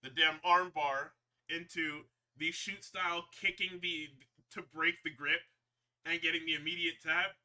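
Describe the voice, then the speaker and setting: Bright-voiced man recapping wrestling. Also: a little high, steady tone, a little slow. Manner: rambling and profane, with frequent laughs. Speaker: podcast host.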